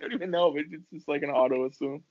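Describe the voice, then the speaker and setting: Laughing, joking man, higher voice. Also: fast, no room sound. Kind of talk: casual chat. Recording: dry, dull lo-fi sound.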